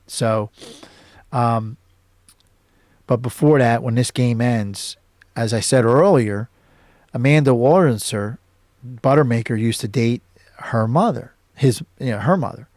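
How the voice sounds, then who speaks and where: A man's voice: medium pitch, measured pace, long pauses, a little mellow, no echo, clean studio sound. A man hosting his own show, casually recapping a film scene by scene with many fillers and restarts. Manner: rambling recap with many fillers and self-corrections. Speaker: host.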